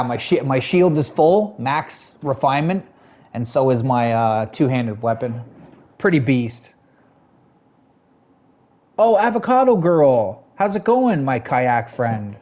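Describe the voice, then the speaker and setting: A man talking casually on a live game stream at an everyday middle pitch. He is chatty and easygoing, greets viewers and answers their messages, and laughs often as he goes. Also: darkish tone. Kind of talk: casual live-stream chat while gaming.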